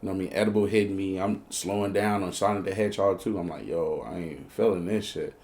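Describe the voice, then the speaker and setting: A Chicago-accented man spins a casual, profane story from his own life in a slightly low voice. He plays both parts of every exchange in heavy slang and jumps into high-pitched yelps whenever the story turns scary. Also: steady tone, quick pace, a little mellow. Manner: slangy and profane, acting out both sides of the dialogue; breaks into high, squeaky outbursts when telling panicked moments. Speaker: storyteller host.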